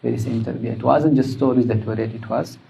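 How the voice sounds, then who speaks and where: A man with a gravelly voice of middling pitch teaches a religious lesson. He tells the stories at a measured pace and slips into quoted dialogue along the way. The recording sounds dull and lo-fi. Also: fairly even intonation, mellow.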